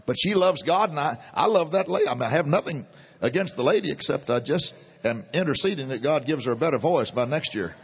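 A middle-aged man preaching a sermon, animated and chuckling between points. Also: a little high, fast, breathy edge, long reverb tail. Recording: dull lo-fi sermon recording.

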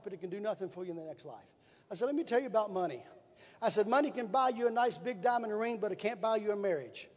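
A man preaching, telling a folksy story with repetition and building emphasis. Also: sits high. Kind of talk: sermon storytelling. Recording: long reverb in a large hall.

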